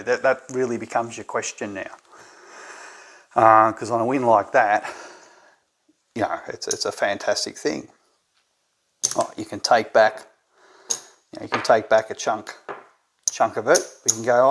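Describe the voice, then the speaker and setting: A man's voice: medium pitch, steady tone, a little slow, long pauses, a bit bright, slight background noise. A man with an Australian accent, hosting a tabletop game tutorial and thinking aloud, often checking in with "right?". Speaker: gambling strategy presenter.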